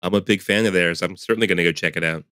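A man's voice: sits low, very fast, pushed and bright, no room sound, studio quality. A man co-hosting a casual podcast chat, laid-back and wry, chuckling often. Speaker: podcast co-host.

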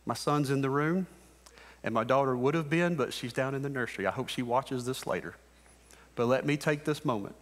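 A man's voice: medium pitch, brisk. A man in his thirties delivers a sermon from the pulpit in an earnest, exhorting way. He drives his points home by repeating short phrases. His voice carries a long church reverb. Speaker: pastor. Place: church sanctuary.

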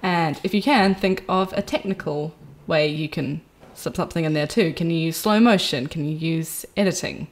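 A woman co-hosting a podcast in casual chat, summing up points with quick asides. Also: sits low. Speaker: podcast co-host.

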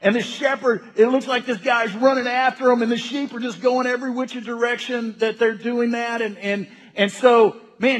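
Man, pastor, sermon, emphatic, high voice, long echoing reverb. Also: fairly even intonation, normal speed, hardly any pauses. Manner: emphatic, repeats words while building a point. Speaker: senior pastor. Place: church sanctuary. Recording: reverberant church hall.

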